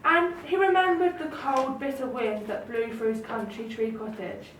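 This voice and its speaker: A woman reading a children's story aloud in a gentle, expressive way. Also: a little high, moderate pace, noisy background. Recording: roomy, distant mic, faint ambience.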